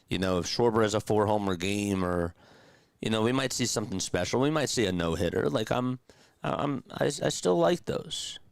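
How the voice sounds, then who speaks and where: This young play-by-play host has a creaky voice on the low side and calls the game radio-style from a stream with no echo. Chatty and animated, he talks to his chat, hops from calls to opinions, and drops sarcastic asides along the way.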